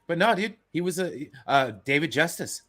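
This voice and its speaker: A man with a bright, sharp voice from Northern California talks sports on a stream. He is enthusiastic and casual, swearing freely and calling everyone "dude.". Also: fairly high pitch, lively intonation, normal speed, faint music behind. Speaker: guest co-host.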